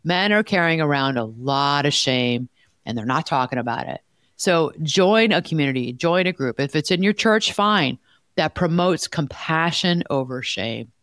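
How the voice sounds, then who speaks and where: A woman's voice: sits low, animated, normal speed, a bit bright, no echo, clean studio sound. A woman co-hosting an advice podcast as a life coach, talking in an emphatic, direct way and telling stories with animation.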